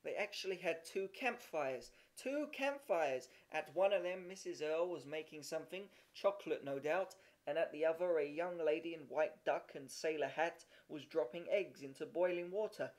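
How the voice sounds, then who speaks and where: A man's voice: a little high, moderate pace, hardly any pauses. A man reading a story aloud, with occasional slips and restarts. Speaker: reader. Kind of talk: amateur audiobook reading.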